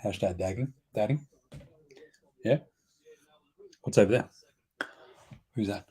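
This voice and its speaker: A man's voice: lowish voice, takes it slowly, dark tone. Australian male host, casual live stream banter, joking and chatty. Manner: joking, chatty, talks to his baby.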